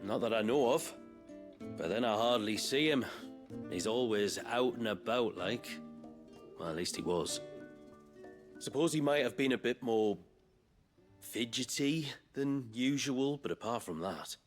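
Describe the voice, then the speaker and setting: An actor playing a hesitant, awkward young village smith in video game dialogue. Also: male voice, mid-range voice, expressive, faint music behind, lightly acted. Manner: hesitant, halting.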